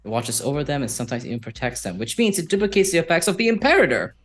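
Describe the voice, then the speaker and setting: A man narrating a tabletop game as game master, unhurried and thinking aloud with frequent fillers. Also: a little high, expressive, a bit bright.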